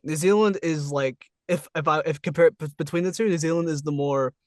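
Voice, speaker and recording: A man with a somewhat high voice hosts a casual interview over a video call. He is relaxed, laughs often and uses many fillers. The sound is dry and close. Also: a little fast, no room sound. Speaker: interview host.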